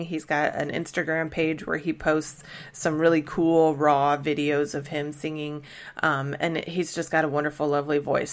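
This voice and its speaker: A woman hosting a podcast, recapping a TV episode in a casual, chatty way with many fillers and restarts. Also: sits low. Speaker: podcast host recapping a TV show.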